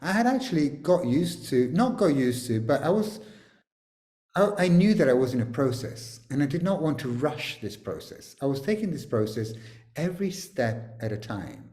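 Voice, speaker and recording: A man leading a group video call, talking in an animated, joking and teasing way, sometimes swearing. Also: fairly high pitch, moderate pace, reverberant. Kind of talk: energetic coaching talk on a video call.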